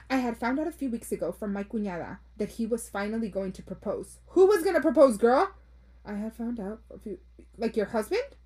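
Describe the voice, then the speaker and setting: A woman in her thirties hosts a podcast, reading listener stories in casual, blunt chat, swearing freely and slipping in Spanish phrases. Her voice sits at medium pitch with a dark tone and a breathy edge.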